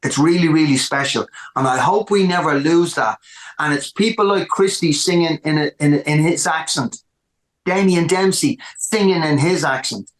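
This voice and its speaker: A man with an Irish accent, a musician telling stories in a casual interview, animated and repeating words for emphasis. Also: a little high, normal speed, reverberant. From Ireland. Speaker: musician guest.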